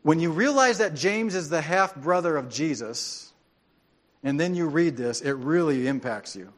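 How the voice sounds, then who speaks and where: A man preaching a sermon as a pastor, animated and joking, acting out quoted voices. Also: fairly high pitch, moderate pace, big-room sound. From grew up on a farm.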